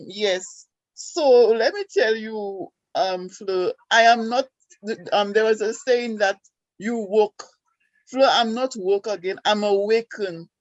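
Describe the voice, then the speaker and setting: A woman from Saint Lucia with a Saint Lucian accent, calling in and telling her story in an excited, chatty way with lots of fillers. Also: mid-range voice, no echo, dull audio. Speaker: caller. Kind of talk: casual call-in chat.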